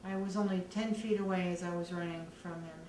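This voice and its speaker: A woman earnestly recounting her own story in a measured way, with many pauses. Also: lowish voice, fairly even intonation, a little mellow. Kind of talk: personal testimony. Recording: echoey room, distant mic, faint background noise.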